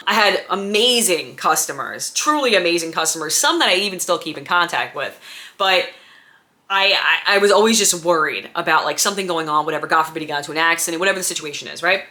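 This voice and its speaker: Woman, 30s, bright and sharp tone, chatty storyteller who acts out every quote. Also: fairly low pitch, quick pace. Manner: animated, acts out quoted dialogue, many fillers like "like" and "right?". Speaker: former diaper service owner. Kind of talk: casual personal storytelling.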